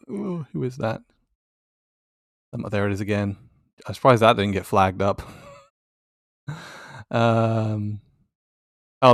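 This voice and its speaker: A man's voice: fairly low pitch, no room sound, studio quality. A man giving casual, sardonic commentary on tweets, swearing and laughing as he goes. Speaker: YouTuber.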